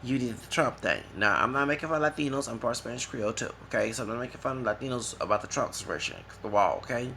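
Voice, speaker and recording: Gravelly guy from the states ranting on his vlog, sharp edgy tone, rambling, mocking, keeps going "okay?". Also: mid-range voice, fast, few pauses, slight background noise. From United States. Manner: mocking, animated. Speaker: vlogger. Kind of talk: casual rant to camera.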